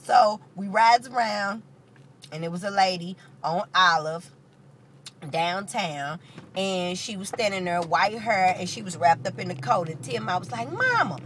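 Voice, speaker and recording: A woman with a St. telling a personal story in a casual, animated, profane way. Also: mid-range voice, measured pace, a little hiss or hum.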